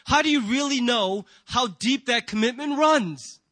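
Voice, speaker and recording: A man's voice: very high-pitched, expressive, unhurried, sharp tone, no echo. A man preaching a sermon to a congregation in a church, earnest and emphatic, often asking rhetorical questions. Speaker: pastor.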